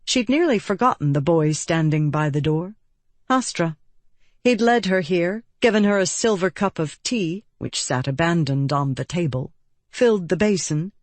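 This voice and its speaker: A woman reading an audiobook in calm, measured scripted narration. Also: on the low side, no echo.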